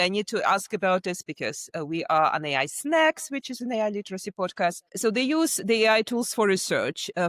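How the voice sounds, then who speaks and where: A woman's voice: on the low side, fairly bright tone, no room sound, clean studio sound. A woman hosting a podcast interview, asking long questions full of hesitations and fillers. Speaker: podcast host.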